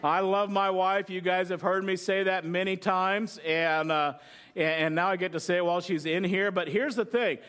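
A man's voice: high-pitched, steady tone, normal speed, a bit bright, clear, resonant tone. A middle-aged male pastor preaching a sermon with humorous illustrations, conversational, often asking the congregation questions.

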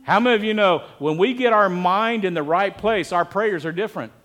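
Guy preaching a sermon, kinda high voice, chatty, keeps asking the crowd stuff. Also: fairly quick, a bit bright. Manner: conversational preaching, asks the congregation questions. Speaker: pastor.

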